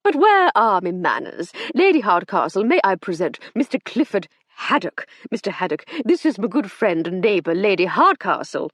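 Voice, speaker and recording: A woman voicing a jovial, naive older gentleman in an audiobook, hearty and fond of tagging "what?" onto his remarks. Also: medium pitch, very animated, moderate pace, few pauses, no room sound. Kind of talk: audiobook character reading.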